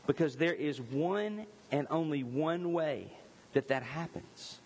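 A man in his thirties preaching a sermon as pastor, passionate, rising high on repeated lines and dropping soft and hushed. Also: normal speed, slight background noise. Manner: impassioned, climbing in pitch at lists, then softening to near whisper. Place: church sanctuary. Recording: long reverb in a large hall.

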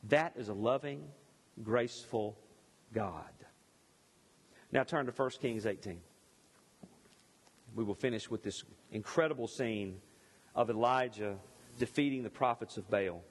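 A man preaching a sermon and reading scripture aloud, giving expressive rising and falling emphasis. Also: on the low side, measured pace, long pauses, breathy edge. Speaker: pastor. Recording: long reverb in a large hall.

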